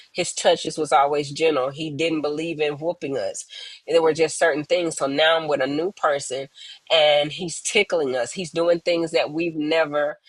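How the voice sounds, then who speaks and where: A woman tells her own hard story as a guest on a remote call, earnest and slow, often pausing and acting out the voices of others. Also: low voice, dry recording, low-quality recording. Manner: earnest, pauses often, acts out quoted voices. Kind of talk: emotional personal testimony, slow and reflective.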